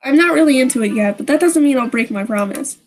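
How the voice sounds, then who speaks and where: A woman's voice: high voice, lively intonation, fast, soft background music, poor audio. Sheepish teenage boy lead, dry delivery, played by a woman. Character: awkward teenage boy protagonist.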